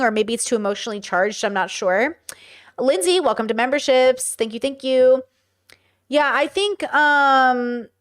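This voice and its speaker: A woman hosting a podcast, giving blunt, chatty commentary and reading out viewer chat, swearing freely. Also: on the high side. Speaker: podcast host reacting to a clip.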